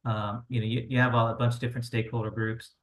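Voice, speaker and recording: A man hosting a webinar, giving advice in a relaxed way that leans on "you know" and "right?". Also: medium pitch, fast. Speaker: webinar host. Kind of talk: casual webinar presentation.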